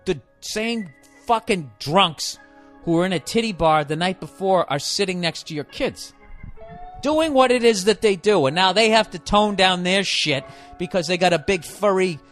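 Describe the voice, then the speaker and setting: Casting: male comic, voice a touch high, swearing constantly, sarcastic rant with faint music underneath. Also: a bit bright. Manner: heavily profane, sarcastic ranting. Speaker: comedian podcaster. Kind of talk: comedic rant. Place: hot indoor room.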